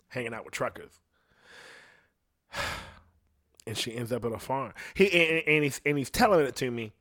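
A man's voice: mid-range voice, a bit bright, dry recording, clean studio sound. Profane, rambling male storyteller. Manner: crude, profane, rambling with laughs. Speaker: podcast storyteller. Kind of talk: casual storytelling.

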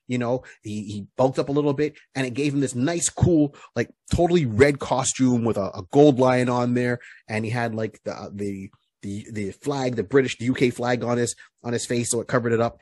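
Guy rambling on a podcast, husky, lots of you knows and restarts, dry mic. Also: mid-range voice, darkish tone, dry recording. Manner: rambling, full of fillers and restarts. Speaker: podcast co-host. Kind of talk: casual chat recapping comics.

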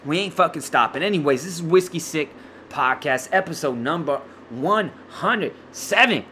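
A breathless man hosts his own podcast, stammering through a loud, profane, slang-heavy rant. His voice sits somewhat high and sounds bright and forceful, with faint room ambience behind it. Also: lively intonation, moderate pace, a little hiss or hum. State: out of breath, sore throat. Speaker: podcast host.

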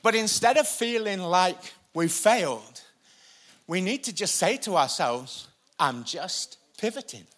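Man, pastor, sermon on stage, energetic, repetitive emphasis, bright tone. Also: sits high, measured pace. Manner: energetic, repeats lines for emphasis, uses a helper for a live demonstration. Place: church stage before a congregation.

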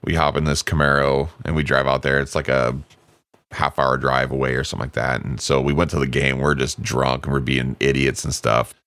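A man in his forties telling stories in casual chat, animated and acting out voices as he goes. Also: very deep voice, fairly quick, no room sound. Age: 40s. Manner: animated storytelling, acts out voices in quotes.

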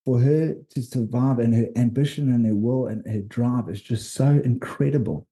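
A South African man recounts his travels in a loose, rambling way, with lots of restarts. His voice is very dark and mellow, sitting at an ordinary pitch. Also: normal speed. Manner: rambling, animated storytelling. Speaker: podcast co-host and documentary filmmaker. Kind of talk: casual storytelling chat.

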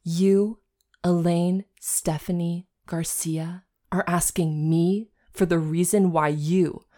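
A woman voicing an exasperated, condescending male demon as she reads a story aloud on a comedy podcast. She keeps close to her own voice and gives it a drawn-out, weary delivery. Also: on the low side, fairly even intonation, warm tone.

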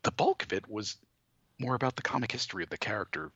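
A man with a very low but bright voice whose pitch swings widely as he rambles. He talks hesitantly, full of fillers and restarts, and sounds dry and close-miked. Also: animated, quick pace, breathy edge, no echo, dull audio. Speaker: guest, toy and comics reviewer. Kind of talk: casual conversation.

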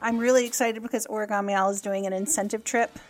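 A woman's voice: medium pitch, steady tone, fast talker. A woman co-hosting a podcast in casual chat, friendly and enthusiastic as she gives recommendations. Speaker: podcast co-host.

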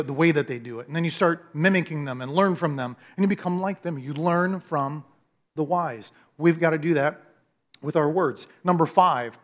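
Casting: male pastor, sermon delivery, chatty and animated, voice a bit on the high side. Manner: conversational, animated storytelling with acted dialogue.

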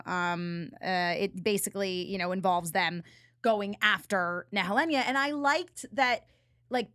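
A woman's voice: medium pitch, fairly bright tone, no room sound, studio quality. A woman co-hosting a casual podcast, recapping an episode in a chatty way with frequent fillers. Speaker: podcast co-host. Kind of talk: casual chat.

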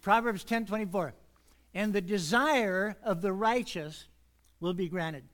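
A man preaching an earnest sermon in church, speeding up when he gets excited. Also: high-pitched, a little slow. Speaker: pastor.

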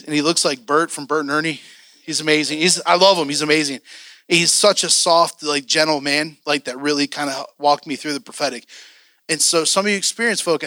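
Male teacher, bright and forceful, animated storyteller who voices the characters. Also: no echo, clean studio sound. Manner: animated storyteller, voices his past self and others, jumps loud and high. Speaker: prophetic ministry teacher. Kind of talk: energetic teaching with acted-out stories.

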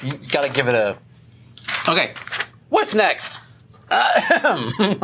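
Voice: mid-range voice, huge pitch swings, slow pace, noisy background. A podcast co-host chatting casually in a playful way, laughing often. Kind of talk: casual chat.

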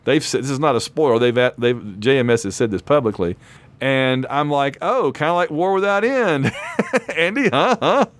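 A hoarse man co-hosting a podcast in casual chat, rambling and laughing often. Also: mid-range voice, very animated, normal speed. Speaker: podcast co-host; lecturer.

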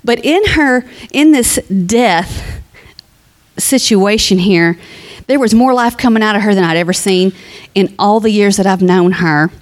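A woman's voice: mid-range voice, measured pace. A woman speaking at a funeral, giving a heartfelt, conversational eulogy that moves into a sermon and turns to the family directly. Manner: reads scripture aloud.

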